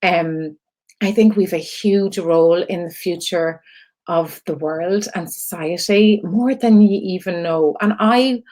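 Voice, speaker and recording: A woman's voice: fairly low pitch, a little slow, a little mellow. An Irish woman hosting a live stream for her creative community, talking in an earnest, rambling way with fillers and laughs, close to tears. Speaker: host of an online creative community. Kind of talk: casual live-stream talk to viewers.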